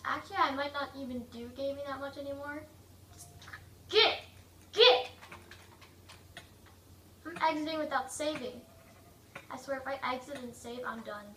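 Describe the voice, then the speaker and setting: A woman giving casual, rambling gameplay commentary, joking and mocking herself, her throat a little rough from coughing. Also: sits high, fairly even intonation, a little fast, far from the mic. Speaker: gaming video maker. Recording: echoey room, away from mic, faint noise.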